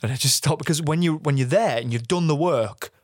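A man's voice: a little high, a little fast, dry recording, clean studio sound. A young man, co-hosting a casual chat and acting out the voices of people in his stories. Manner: animated storyteller, acts out quoted voices. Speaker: podcast co-host.

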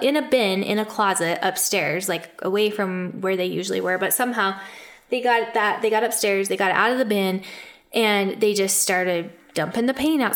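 Chatty woman telling family stories. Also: mid-range voice. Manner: chatty, many "like" fillers, laughs often. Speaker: podcast co-host, adoptive mother. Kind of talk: casual storytelling.

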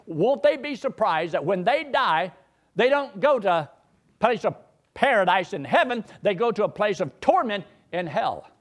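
A man's voice: sits high, very animated, moderate pace. A male pastor, preaching a sermon in a folksy, joking storyteller's way.

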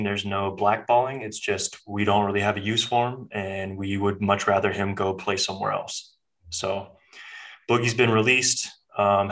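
A man's voice: on the low side, a bit bright, poor audio. A man co-hosting a podcast, chatting casually about sports in a laid-back, loose way. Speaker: podcast co-host.

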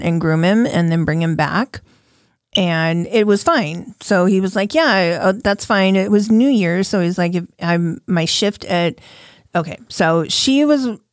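Low-voiced woman telling stories with laughs. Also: no echo, studio quality. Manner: laughing, profane, acts out quotes. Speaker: podcast host. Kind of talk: casual storytelling chat.

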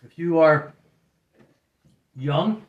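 Earnest preacher, roomy echo. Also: male voice, on the high side, drawn-out words, narrow, tinny audio. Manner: earnest, repeats phrases for emphasis. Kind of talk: sermon.

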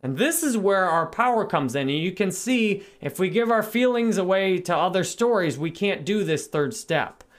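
Brief: man in his thirties, live stream host, reflective self-help talk, voice a touch high. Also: moderate pace, few pauses. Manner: calm, reflective, greets viewers by name between points.

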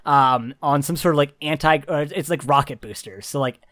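A man's voice: fairly high pitch, moderate pace, fairly bright tone, dry recording, studio quality. A young man narrating as game master in a tabletop game, rambling and laughing with frequent restarts.

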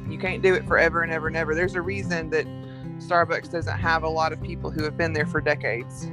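A woman with a Southern American accent, a coffee entrepreneur talking frankly and telling animated stories as a podcast guest. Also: sits low, fast talker, over music. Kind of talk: casual podcast conversation.

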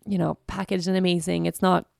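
A woman's voice: fairly low pitch, level tone, fairly quick, creaky, a little mellow, dry recording, clean studio sound. A woman hosting a podcast, talking candidly and searchingly about her feelings, often restarting and circling back. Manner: candid, searching, many restarts and "you know". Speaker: podcast host. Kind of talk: reflective personal monologue.

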